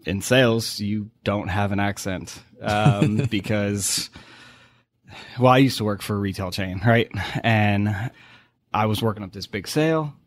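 Boston man telling stories. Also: on the low side. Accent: faint New England, mostly masked. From Boston, New England. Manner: storytelling, quick asides. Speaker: guest. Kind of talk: casual podcast chat.

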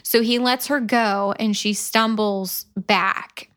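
A woman co-hosting a podcast, casually retelling a book's plot with dry, deadpan asides and some swearing. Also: medium pitch, slow. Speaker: podcast co-host.

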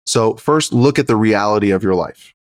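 A man's voice: fairly low pitch, normal speed, no echo, studio quality. A man on a podcast giving earnest, practical relationship advice as a therapist guest.

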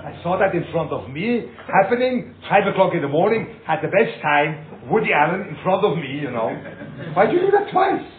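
A man giving an animated, informal Torah talk as a rabbi, repeating himself and acting out little scenes. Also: on the high side, a little fast, few pauses. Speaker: rabbi teaching a class. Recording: echoey, tinny lo-fi room recording with hiss.

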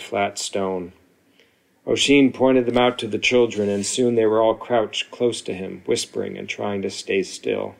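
A man, an author, talking about his writing and reading his own short story aloud in a measured, unhurried way. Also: fairly low pitch, gravelly, a little mellow.

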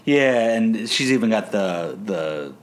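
Man, deep voice, lively swooping delivery, casual show recap, faint background hum. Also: takes it slowly. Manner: animated, laughing, acts out quotes in funny voices. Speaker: podcast co-host. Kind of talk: casual TV episode recap chat.

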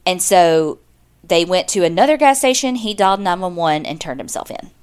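A woman's voice: lowish voice, animated, moderate pace, clean tone. Woman, podcast co-host, chatty, casual crime storytelling. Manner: chatty, lots of "like", acts out quotes.

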